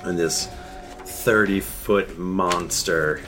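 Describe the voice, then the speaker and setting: A man narrating a tabletop game as game master, describing scenes in a relaxed way with fillers. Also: low-pitched, drawn-out words, music in the background.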